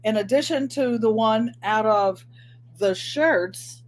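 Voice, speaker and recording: An older woman hosting a casual sewing and crafts vlog, rambling warmly to viewers and answering them by name. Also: fairly high pitch, slow pace, slight background noise. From Connecticut. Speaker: crafting channel host.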